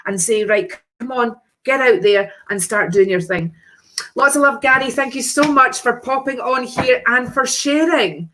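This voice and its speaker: A woman's voice: on the high side, measured pace, fairly bright tone, slight background noise. A woman hosting a live stream, reading tarot cards for viewers in a chatty, breezy way with endearments and exclamations.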